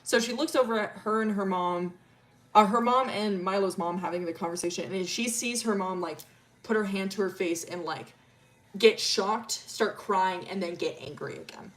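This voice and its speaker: A woman's voice: medium pitch, moderate pace. A woman streamer casually telling a long story, rambling with lots of fillers, laughing often and swearing freely.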